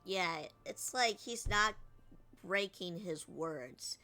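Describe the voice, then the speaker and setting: A woman streamer in casual game commentary who picks apart voice acting with plenty of fillers. Her voice is low, slow and bright, with faint music behind her. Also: animated. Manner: critiques voice acting, filler-heavy.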